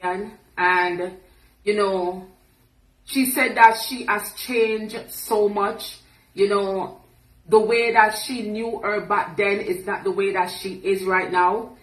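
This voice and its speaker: A woman speaking calmly and earnestly in an interview clip. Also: mid-range voice, echoey room, rough recording. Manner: calm, measured, earnest.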